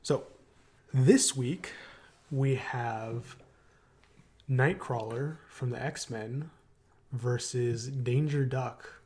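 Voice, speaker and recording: A man co-hosting a casual podcast, talking in quick bursts full of fillers and second thoughts. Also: mid-range voice, darkish tone, a little hiss or hum. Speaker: podcast co-host. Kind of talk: casual chat.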